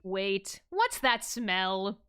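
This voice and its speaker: A woman's voice: mid-range voice, big pitch swings, drawn-out words, a bit bright. A woman streaming a game in casual commentary, playful and laughing often as she reads lines aloud. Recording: faint music in the background.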